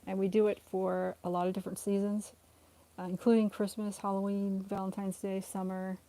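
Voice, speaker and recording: A woman's voice: little pitch movement, moderate pace, mellow. A young woman chatting casually on a live stream at home while her rescue cats play, laughing often and cooing at the cats. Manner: giggly, chatty, talks to the cats in a high coaxing voice. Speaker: cat rescue livestreamer.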